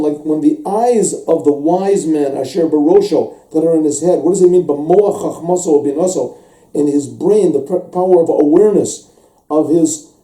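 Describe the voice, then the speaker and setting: A man's voice: a little high, mellow. A man teaching a religious text class as a rabbi, explaining at length, repeating words and acting out little dialogues. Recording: echoey room, mic set far off.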